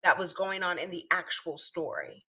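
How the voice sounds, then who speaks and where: A woman co-hosting a talk show, speaking earnestly and emphatically in casual discussion with animated asides. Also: lowish voice, moderate pace, slightly rough.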